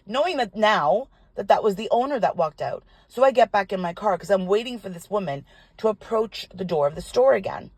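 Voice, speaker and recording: An older woman, a tarot reader, telling a personal story in an animated, indignant way, with some swearing. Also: medium pitch, brisk, dry recording. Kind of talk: casual storytelling vlog. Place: parked car.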